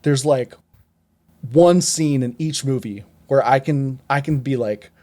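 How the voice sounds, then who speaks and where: A man's voice: mid-range voice, measured pace, dark tone. A man co-hosting a podcast, rambling through a casual movie review with many restarts and rants. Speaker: podcast co-host.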